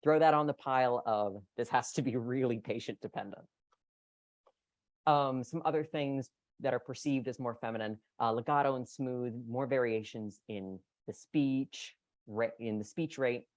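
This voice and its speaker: Voice care presenter lecturing, explains stuff and acts out pitch patterns, mid pitch, dry close sound. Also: moderate pace, no echo.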